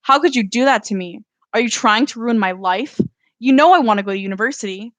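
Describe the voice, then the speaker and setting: A woman voicing an angry sixteen-year-old girl who argues with her mother, pleading and then shouting. The voice is close and dry. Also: on the high side, brisk, dry recording, natural voice. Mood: furious.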